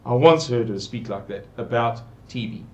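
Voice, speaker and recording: A man's voice: medium pitch, moderate pace. A man giving an earnest, pleading, rambling monologue to his viewers. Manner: pleading, repetitive, digressive. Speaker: channel presenter.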